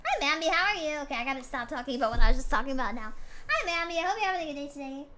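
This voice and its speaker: A woman's voice: sits high, lively intonation, racing, sharp tone, a little hiss or hum. A woman streamer chatting casually with her viewers, complaining in a playful, mock-dramatic way.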